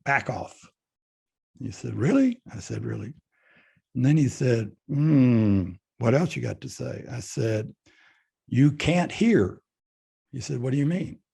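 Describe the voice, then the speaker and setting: Older man, gravelly, husky, mellow tone, blunt storyteller. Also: mid-range voice, a little slow. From Fort Worth, Texas. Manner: blunt, animated storyteller acting out both sides of a dialogue. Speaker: guest speaker. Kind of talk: storytelling interview.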